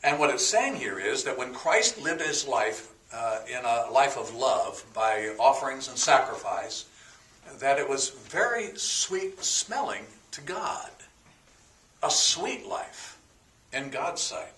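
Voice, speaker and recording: A man's voice: mid-range voice, sing-song, takes it slowly, a bit bright, recorded from a distance. A man preaches a teaching sermon, breaking words down one by one and slipping into folksy asides with plenty of fillers. His voice sits in a middle range and reaches the mic from a little way off, with an echoey room around it. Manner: explains word by word, folksy with a told joke and fillers. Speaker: pastor.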